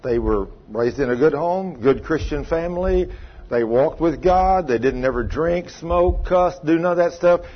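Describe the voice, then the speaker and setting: A man's voice: a little high, measured pace, highs cut off. A man preaching a sermon in a folksy, emphatic way, asking his congregation questions. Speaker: pastor.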